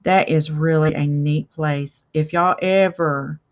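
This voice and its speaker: A woman's voice: low-pitched, fairly even intonation, takes it slowly, lo-fi sound. An older woman hosting a casual live craft chat, chatty and reading viewer comments aloud with frequent laughs. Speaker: craft channel host.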